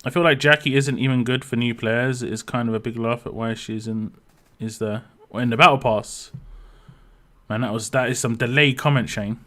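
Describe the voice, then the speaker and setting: Chatty British man, bright voice. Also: medium pitch, fairly even intonation, moderate pace. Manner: rambling, answers chat questions, frequent fillers and restarts. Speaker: game streamer. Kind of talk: casual live-stream commentary.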